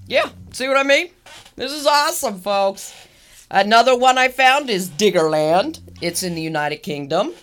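A woman co-hosting a casual chat, animated and laughing often as she teases her co-host. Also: mid-range voice, normal speed. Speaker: podcast co-host.

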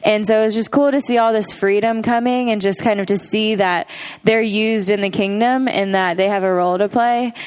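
A woman recounting a mission trip to a church gathering in a relaxed, even way. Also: medium pitch, normal speed, clear, resonant tone. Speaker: mission trip team member. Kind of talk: casual testimony to a church gathering.

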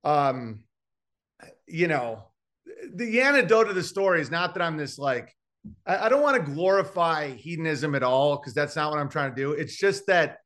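A man's voice: a little high, expressive, moderate pace, a bit bright. A man, a comedian guest on a podcast, telling brash stories in a rambling, filler-heavy way. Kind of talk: casual podcast chat.

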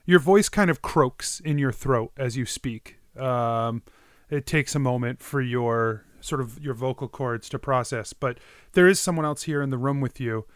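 A man narrates a tabletop adventure as game master, setting scenes in a mid-pitched voice. His delivery is descriptive and full of little fillers. The sound is close and dry, with no room around it. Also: a little slow, dry recording.

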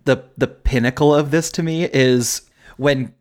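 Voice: medium pitch, steady tone, a little slow. A podcast co-host chatting casually about a horror film, laughing often and using a lot of fillers.

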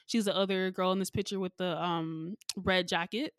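A young woman hosting a casual recap chat, telling the story with lively acted-out lines. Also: moderate pace, no room sound, studio quality. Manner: animated storytelling, acts out people's lines with pitch jumps. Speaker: podcast host recapping a show.

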